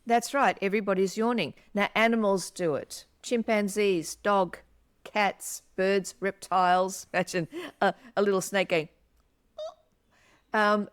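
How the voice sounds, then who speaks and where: A woman co-hosting a podcast in casual chat, animated and acting out yawns as she explains. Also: fairly low pitch, clean tone, no room sound, clean studio sound. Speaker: podcast co-host.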